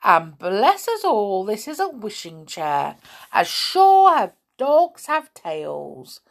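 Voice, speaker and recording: A woman putting on a booming pompous little wizard. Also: wildly swooping pitch, takes it slowly, vocal fry, exaggerated voice. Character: odd little boastful male wizard.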